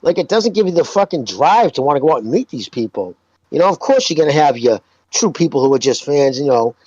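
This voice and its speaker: A fairly high-voiced man co-hosting a podcast, his pitch swinging widely as he gets worked up. He swears freely and laughs often. His audio sounds dull and completely dry, like a remote feed. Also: big pitch swings, quick pace, darkish tone, breathy edge, no echo. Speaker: podcast co-host. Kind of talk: casual podcast chat.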